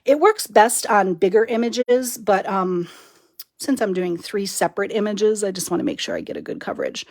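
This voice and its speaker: A woman's voice: medium pitch, sing-song, moderate pace, darkish tone. A middle-aged woman giving a chatty live card-making demonstration, talking to viewers while she works and laughing often. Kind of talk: live stream craft demo.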